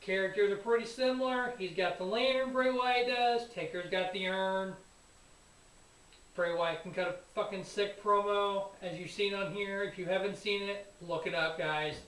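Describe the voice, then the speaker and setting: A man hosting a sports show, recapping a wrestling event in an excitable, rambling, profane way. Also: high-pitched, normal speed. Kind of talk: casual wrestling review. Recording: echoey room, voice a bit far from mic.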